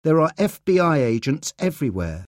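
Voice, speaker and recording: A man's voice: fairly high pitch, very animated, moderate pace, darkish tone, dry recording, studio quality, voice pushed up. A man voicing an adult woman lawyer in a storybook reading, speaking earnestly and reassuringly. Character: anxious female lawyer, adult, steady.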